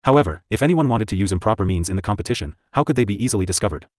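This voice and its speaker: Fast-reading male audiobook narrator. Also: on the low side, expressive, darkish tone, no echo, clean studio sound. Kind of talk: scripted narration.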